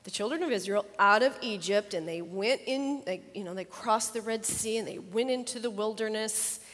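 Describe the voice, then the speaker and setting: An older woman, a grandmother, chatting about her grandchildren and then teaching a Bible lesson, animated and laughing as she tells stories. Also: mid-range voice, moderate pace, big-room sound. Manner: chatty, animated, acts out children's voices with laughter. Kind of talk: casual storytelling and Bible lesson.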